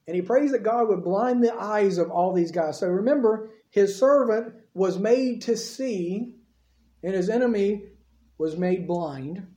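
A man preaching a sermon, telling the story in an animated way and acting out the quotes himself. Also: high voice, measured pace, echoey room. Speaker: pastor.

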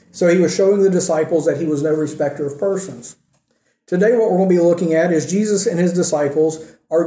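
A man whose voice is a little high and warm delivers a chatty sermon with scripture reading in a church sanctuary. He keeps checking in with the congregation, and the room sound is echoey.

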